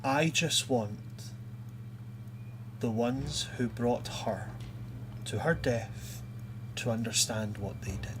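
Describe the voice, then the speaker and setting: A guarded young fey, played by a man in a tabletop game. He speaks low and quietly and holds his feelings back. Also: takes it slowly, pauses often, noisy background, close to an everyday voice. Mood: restrained. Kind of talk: tabletop game role-play.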